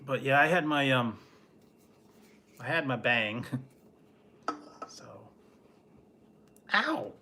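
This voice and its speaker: Slow-talking easygoing man, bright voice. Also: medium pitch, a little hiss or hum. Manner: rambling, easygoing, chuckles often. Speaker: food vlogger. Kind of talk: casual late-night livestream chat.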